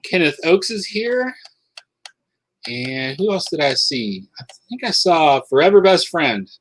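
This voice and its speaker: A man from South Dakota hosting a casual livestream chat, upbeat and quick to laugh. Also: on the high side, very animated, fairly bright tone, poor audio. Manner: laughs often, chatty and upbeat. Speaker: host.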